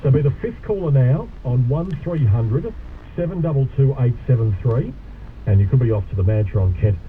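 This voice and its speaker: A man's voice: medium pitch, expressive, a little fast. Chatty male radio host. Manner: chatty, matey, casual Australian radio banter. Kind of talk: talk radio hosting. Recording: tinny radio broadcast with faint noise.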